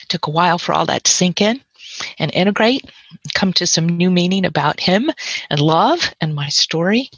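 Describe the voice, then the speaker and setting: A woman's voice: lowish voice, expressive, moderate pace, fairly bright tone, breathy edge, no echo, dull audio. A woman telling a personal story in a reflective, wry way, lingering over lyrical lists of things she loves.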